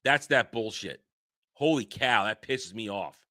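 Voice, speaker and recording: A man hosting a commentary show, ranting angrily and swearing, sometimes shouting. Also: lowish voice, expressive, a little slow. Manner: angry, profane, shouting rants. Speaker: show host.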